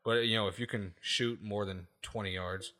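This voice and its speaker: A man's voice: fairly low pitch, steady tone, moderate pace, sharp tone. A man hosting a casual podcast, ranting emphatically with lots of swearing and repeated "okay?" checks. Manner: profane, laughs at his own points.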